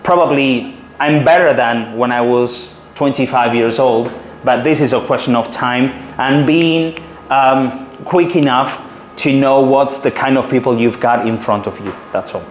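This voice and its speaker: A Spanish-accented man in his forties gives a workshop talk, confident and explanatory, pausing on small fillers now and then. His voice sits at an ordinary middle pitch. The room is roomy and echoing, with a faint hum of noise behind him. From Spain. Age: 40s. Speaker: city guide trainer.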